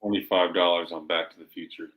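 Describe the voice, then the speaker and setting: Bright-voiced man pitching comics. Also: fast talker, a little hiss or hum, low-quality recording. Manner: animated, acts out story voices. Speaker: co-host selling comics. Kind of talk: live shopping stream pitch.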